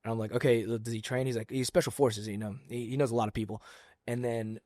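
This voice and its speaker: A man's voice: medium pitch, flat delivery, quick pace, warm tone, dry recording, studio quality. A man who coaches jiu-jitsu, a guest on a casual podcast, swearing freely and telling stories where he acts out other people's lines.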